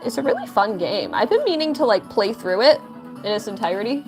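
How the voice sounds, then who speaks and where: A woman's voice: medium pitch, sing-song, a little fast, soft background music. A young woman chatting playfully with viewers as she draws on a live stream, answering questions and teasing her chat. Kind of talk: casual live-stream chat while drawing.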